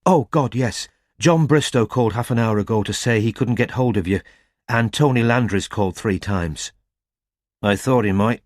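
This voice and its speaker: A man's voice: mid-range voice, normal speed, no room sound, studio quality, natural voice. A man voicing an eager young female office secretary who asks anxious, breathless questions. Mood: flustered.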